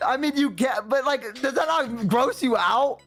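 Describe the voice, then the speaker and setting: Young man, casual chat guest, lively up-and-down delivery, rambling and profane, faint music bed. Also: extremely high pitch, normal speed. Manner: rambling, swears a lot, lively impressions.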